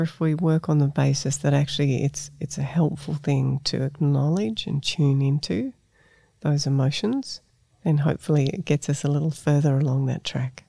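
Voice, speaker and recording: A meditation guide leading a self-compassion meditation in a soft, gentle, unhurried way, often sinking into a breathy half-whisper. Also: mid-range voice, no room sound, clean studio sound.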